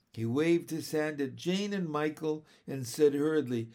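A man reading a children's story aloud as narrator, expressive and unhurried. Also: a little high. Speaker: audiobook reader.

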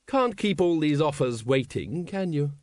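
A man voicing a gruff, aristocratic woman who breeds dragons, hearty and awkward in manner, in an audiobook reading. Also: on the high side, big pitch swings, measured pace, a little mellow, no room sound, studio quality, voice pushed up. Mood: cool.

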